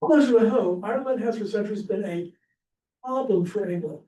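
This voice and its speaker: A man from Pennsylvania teaches an informal history class at church, chatty and rambling with many fillers and restarts. His high voice is fairly quick and mellow. The echoey room, distant mic, and faint hiss color the recording.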